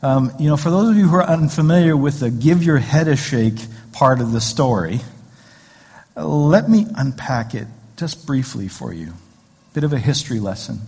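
A man's voice: a little high, a little mellow, husky. A man pastor giving a conversational sermon in a church sanctuary, with joking asides and rhetorical questions, heard with long hall reverb.

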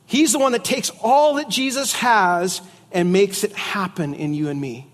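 A man's voice: sits high, unhurried, big-room sound. A middle-aged man preaching a sermon in a conversational way, with jokes and asides. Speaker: pastor.

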